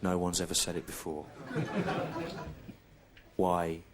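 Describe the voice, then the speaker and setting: A middle-aged English man doing a stand-up comedy routine, deadpan and laid-back with lots of repetition. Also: deep voice, takes it slowly, over a noisy crowd, heavy background noise. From England.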